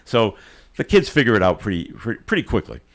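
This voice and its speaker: Man, low voice, radio host, casual on-air chat, rambling animated storytelling, lots of restarts. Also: quick pace. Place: radio studio.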